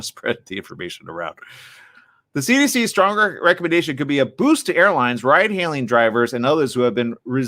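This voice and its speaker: A man hosting a radio morning show, chatting casually with listeners and reading the news in a studio. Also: a little high. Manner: lively, chatty, quick asides.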